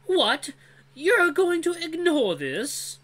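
A pompous, bullying male wolf elder from a fantasy audio story, high and strained as he yells. His lines are loud and indignant, as if barked from across the room. The bright, lively delivery makes him sound comically furious. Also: slow, exaggerated voice. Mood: outraged. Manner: shouting, indignant.

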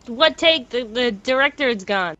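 A woman's voice: a little high, expressive, normal speed, a bit bright, muffled recording. A woman in a comedic game roleplay, sounding exasperated and flustered. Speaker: roleplay actor.

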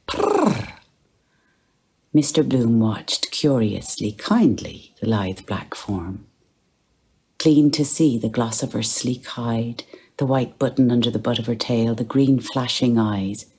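Brief: Irish woman reader, very slow, husky, hushes to whispers for thoughts. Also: rumbling low. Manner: unhurried, dropping to a hushed whisper for inner thoughts. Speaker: audiobook reader. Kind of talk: literary reading.

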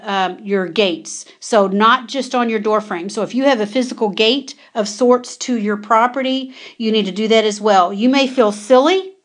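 A woman preaching an urgent prophetic warning, giving repeated commands and asking her listeners pointed rhetorical questions. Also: on the high side.

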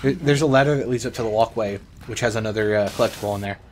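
A young man gives rambling, excitable let's play commentary and swears now and then. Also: on the low side, racing. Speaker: gamer. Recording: noisy background ambience.

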